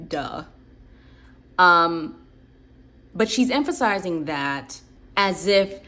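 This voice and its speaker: Sharing personal stories on her channel, this woman in her late twenties sounds reflective and chatty, using lots of "like" and "um." Her voice is on the low side and fairly bright.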